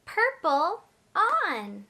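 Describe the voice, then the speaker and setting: Very high, slow, sing-song woman teacher. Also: wildly swooping pitch, background noise. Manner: slow, sing-song, exaggerated and encouraging for small children. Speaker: early-childhood teacher. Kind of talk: toddler teaching with songs and play.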